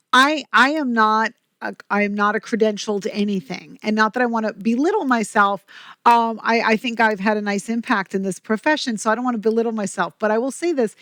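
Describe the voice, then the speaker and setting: Energetic chatty woman guest, dry sound. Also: mid-range voice, no room sound. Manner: energetic, chatty storyteller with quick asides. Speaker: podcast guest, company president. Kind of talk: casual interview talk.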